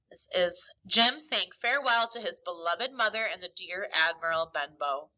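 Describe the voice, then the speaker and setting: A woman teacher reading a novel aloud to a class in an expressive, emphatic storytelling manner. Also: fairly low pitch, normal speed, hardly any pauses, rough recording.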